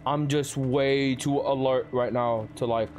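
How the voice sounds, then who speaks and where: A man's voice: medium pitch, fairly even intonation, a little slow, a little mellow. A male streamer giving live commentary on a horror game, jumpy and swearing a lot while talking to his chat.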